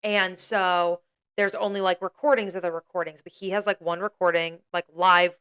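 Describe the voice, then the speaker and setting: A woman's voice: on the low side, steady tone, normal speed, fairly bright tone, clean tone. A young woman co-hosting a podcast, casually retelling a story with lots of "like" and acted-out quotes. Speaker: podcast co-host.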